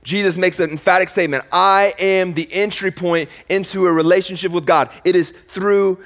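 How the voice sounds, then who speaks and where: A male pastor delivering a sermon, moving between emphatic, raised declarations and quiet, slowed passages, with a casual, conversational way of phrasing. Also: high voice, fairly even intonation.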